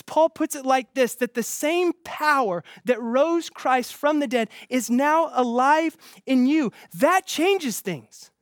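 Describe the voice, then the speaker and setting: A man preaching an earnest, emphatic sermon as pastor, with quick restarts. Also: very high voice, no echo, clean studio sound.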